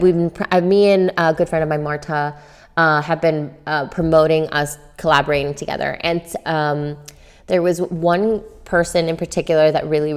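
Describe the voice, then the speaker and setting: Young woman host, casual solo podcast, rambling and chatty, lowish voice. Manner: chatty, lots of fillers, self-coaching. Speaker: podcast host, tattoo artist.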